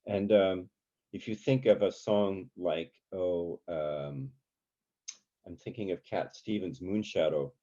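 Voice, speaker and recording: A man's voice: sits low, slow pace, mellow. A man leading an informal songwriting workshop, talking casually with many fillers and breaking into sung examples. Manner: chatty, many fillers, sings and hums examples. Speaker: songwriting teacher. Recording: dull lo-fi sound.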